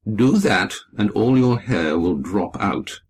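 A man voicing a tiny, proud, haughty baby dragon in a storybook reading, with a husky, threatening way of speaking. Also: on the low side, lively intonation, slow, exaggerated voice.

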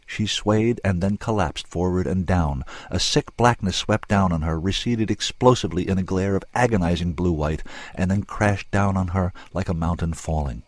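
A man hosting a radio show, reading fiction aloud in a measured, expressive way on a close studio microphone. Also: low-pitched, dry recording. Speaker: radio host and reader.

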